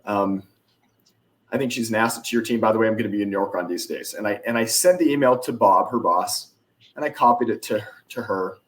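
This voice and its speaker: A man telling sales stories as a podcast guest, acting out the dialogue with lively shifts in his delivery. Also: lowish voice, a little fast. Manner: animated, acts out dialogue in anecdotes. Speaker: podcast guest, influence expert. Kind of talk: casual storytelling interview.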